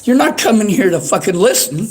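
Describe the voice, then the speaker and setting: A man's voice: high voice, big pitch swings, brisk, slight background noise. A worked-up man streaming from a library, repeating himself in an angry, profane rant at his chat. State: agitated, worked up.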